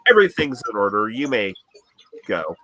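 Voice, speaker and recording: A man voicing a bored male Yuan-ti bureaucrat who speaks in a flat, clipped monotone during a tabletop game. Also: on the low side, moderate pace, noisy background, pitched below the performer's own voice.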